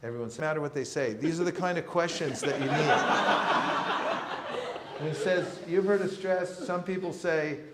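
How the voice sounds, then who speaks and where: A man with a fairly high voice speaks at normal speed over heavy background noise, teaching a seminar to a live audience in a roomy, echoing temple hall. His talk is lively and humorous as he playfully acts out street encounters.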